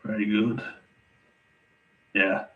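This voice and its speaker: Low, flat-voiced Irish man. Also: very slow, narrow, tinny audio. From Ireland. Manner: chatty, laughs often, reads comments aloud. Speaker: livestream host answering viewer chat. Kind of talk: casual live Q&A chat.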